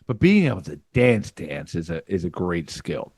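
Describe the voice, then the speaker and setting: Low-voiced joking man, dry sound. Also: very animated, moderate pace, darkish tone, slightly rough, no echo. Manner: loose, joking, crude humor. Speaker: podcast host. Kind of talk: casual chat.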